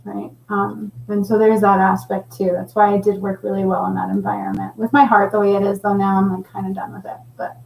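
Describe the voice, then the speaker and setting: A middle-aged woman hosting a casual livestream, chatting and reading viewer comments with a laughing, animated manner. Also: medium pitch, fairly quick, creaky, few pauses, echoey room, a little hiss or hum, low-quality recording. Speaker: livestream host.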